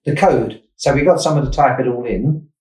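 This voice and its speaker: A man's voice: mid-range voice, moderate pace, darkish tone. Man, 60s, from Essex, England, interview guest, rambling anecdotes, self-corrections, mic at a distance, echoey room. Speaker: investor and startup founder, guest.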